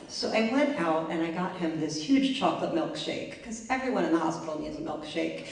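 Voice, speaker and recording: Woman, lowish voice, wry self-mocking storyteller, booming echo, mic far off. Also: lively intonation, moderate pace. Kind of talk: live personal storytelling. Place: library event space. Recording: echoey room, mic far off.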